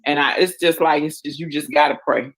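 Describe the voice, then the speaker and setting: A woman's voice: deep voice, fairly even intonation, brisk. A woman with a Southern US accent hosting a casual chat, talking freely and calling everyone "girl.". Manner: chatty, calls everyone girl. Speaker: host.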